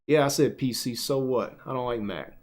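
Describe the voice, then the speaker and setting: A man's voice: medium pitch, moderate pace, darkish tone. A man streaming live, giving casual, joking commentary with crude asides as he reads webtoons aloud.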